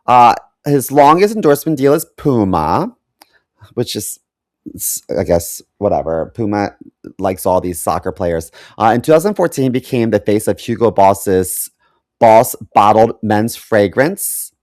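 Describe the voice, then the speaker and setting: A man's voice: lowish voice, expressive, measured pace, no room sound, studio quality. A man co-hosting a podcast in casual chat, hesitant with many ums and wry asides. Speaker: podcast co-host.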